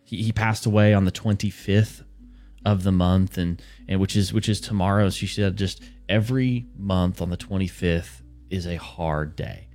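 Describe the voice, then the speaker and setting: A male radio host makes a sincere fundraising appeal, halting and restarting as he goes. His voice sits low and mellow. Faint music plays underneath.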